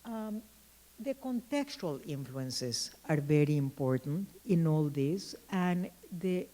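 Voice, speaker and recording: A woman giving a conference keynote lecture, telling anecdotes in a thoughtful way with frequent pauses and restarts. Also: deep voice, lively intonation, mellow, rough recording. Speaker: keynote speaker.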